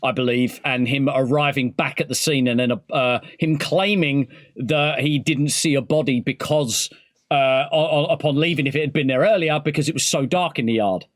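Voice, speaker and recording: A man's voice: mid-range voice, normal speed, dry recording. A man co-hosting a podcast, explaining things in a rambling, hesitant way. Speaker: podcast co-host. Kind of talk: casual chat.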